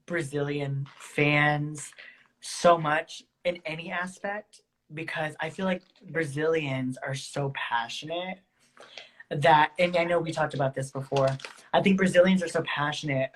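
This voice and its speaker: A man's voice: fairly high pitch, a little slow, rough recording. A man chatting on a phone video call as a guest drag performer, gushing and effusive. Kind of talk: casual live-stream chat.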